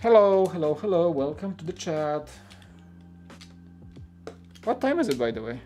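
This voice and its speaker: A man's voice: on the high side, sing-song, a little slow, warm tone, faint music behind. Chatty man rambling on a live stream. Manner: rambling, chatty, many filler words; reads and greets viewer comments. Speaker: live-stream host building a toy set. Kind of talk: casual live-stream chat.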